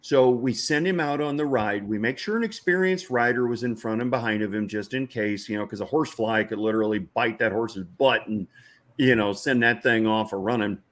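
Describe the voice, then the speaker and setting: A man's voice: mid-range voice, normal speed, a bit bright. Folksy man telling a ranch story. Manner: folksy, chuckling, lots of "you know". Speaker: veterans' ranch organizer, guest. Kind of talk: casual anecdotal storytelling.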